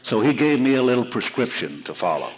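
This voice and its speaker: A man's voice: medium pitch, big pitch swings, fairly quick, low-quality recording. A man telling his recovery story to a seminar audience in a folksy, humorous way. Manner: folksy, humorous, repeats and restarts.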